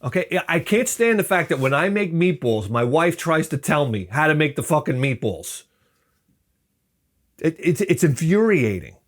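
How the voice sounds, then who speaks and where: A man's voice: fairly high pitch, normal speed. Profane rambling middle-aged man. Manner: profane, animated, acts out quotes in other voices. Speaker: channel host. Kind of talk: rambling comedic storytelling.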